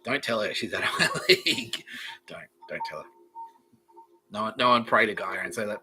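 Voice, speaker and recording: A man's voice: fairly low pitch, lively intonation, moderate pace, long pauses, noisy background. An Australian man hosting a podcast, rambling casually and swearing freely. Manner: swears freely, loose and laughing. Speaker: podcast host.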